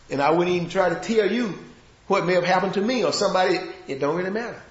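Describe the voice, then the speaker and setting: A man preaching a sermon in a folksy way, dropping to a hush and then rising to shouts. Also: high-pitched, sing-song, fast, roomy sound, dull audio. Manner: swings from hushed to shouting, folksy grammar.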